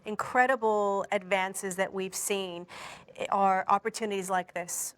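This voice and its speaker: A woman from Puerto Rico hosting an interview, speaking earnestly and at a measured pace with a few fillers. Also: medium pitch. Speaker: host. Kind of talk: hosted interview.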